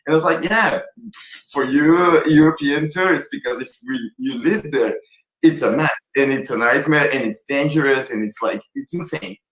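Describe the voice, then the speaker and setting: A man's voice: mid-range voice, a little fast, echoey room, poor audio. A man from Brazil speaking animatedly and rambling as a guest in a virtual film Q&A. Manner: animated, rambling, self-described extravagant. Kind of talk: virtual Q&A conversation.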